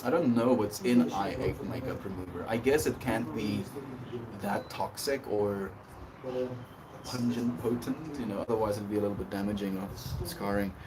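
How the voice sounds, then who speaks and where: A man's voice: lowish voice, normal speed, recorded from a distance, crowd noise, rough recording. A man livestreaming, chatting casually and laughing as he reads and answers messages from his chat. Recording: voice a bit off-mic with clear background noise.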